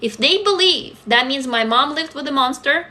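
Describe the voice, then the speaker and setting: A woman's voice: high-pitched, animated, normal speed, bright, forceful tone. A woman in her forties from Russia, talking candidly and emotionally to viewers on a phone livestream. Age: 40s. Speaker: livestream host. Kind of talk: casual livestream talk to viewers.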